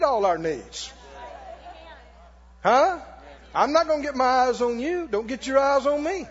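A male pastor preaching a sermon in a church, animated, with mock laughter and shouts. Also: very high-pitched, measured pace, pauses often, long reverb tail, lo-fi sound.

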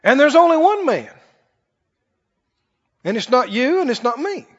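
A man preaching a sermon in an animated, conversational way to a church congregation. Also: very high-pitched, a little slow. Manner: animated, conversational, acts out quoted voices. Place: church hall. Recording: dull recording with long hall reverb.

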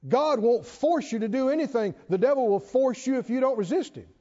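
Animated male preacher in an echoing hall. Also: extremely high pitch. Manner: animated, emphatic, with slow drawn-out stresses and chuckles. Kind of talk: sermon. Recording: dull sound with long hall reverb.

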